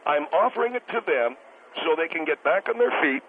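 A man's voice: a little high, lively intonation, fairly quick, lightly acted. A man playing a bitter, self-important restaurant owner calling into a talk show, stammering and indignant. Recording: tinny phone line with hiss.

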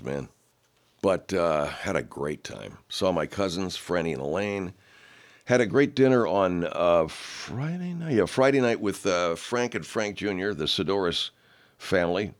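A middle-aged man hosting a talk show, ranting with heavy profanity in a gravelly manner. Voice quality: very low, gravelly, growly rant. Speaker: radio host.

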